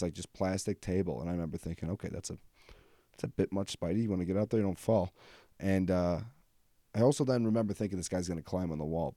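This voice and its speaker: Young male comedy podcaster, low warm voice, loose rambling delivery. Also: dry recording, clean studio sound. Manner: rambling, self-interrupting, swears casually. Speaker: podcast host. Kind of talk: casual rambling comedy monologue.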